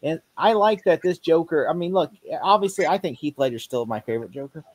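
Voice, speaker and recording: A man co-hosting a casual movie commentary, animated and quick to slip into mock impressions. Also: fairly high pitch, dry recording. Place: home setup on an online stream.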